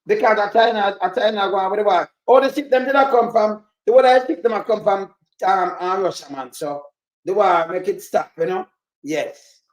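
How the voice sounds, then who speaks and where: A man with a Jamaican accent giving loose, animated reaction commentary on a clip, rambling and swearing as he goes. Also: high voice, normal speed. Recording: roomy echo.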